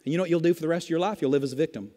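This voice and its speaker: A man's voice: on the high side, very fast, dark tone. A male pastor preaching a sermon with emphatic rhetorical questions and repetition, in a church sanctuary. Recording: long reverb of a large church hall.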